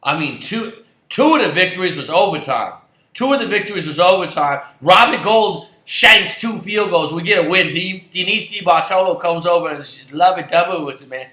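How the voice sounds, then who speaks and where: A heated, sarcastic man vents as a football fan, swearing and circling back to the same points. His voice sits a little high and sounds bright and sharp. The recording has a roomy echo. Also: expressive, a little fast. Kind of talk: angry ranting vlog.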